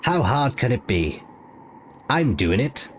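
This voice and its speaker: A man voicing a cryptic, teasing talking crow with a high, thin voice, as in a storybook audiobook. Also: very animated, takes it slowly. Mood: chiding. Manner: riddling, chiding. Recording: noisy ambient background.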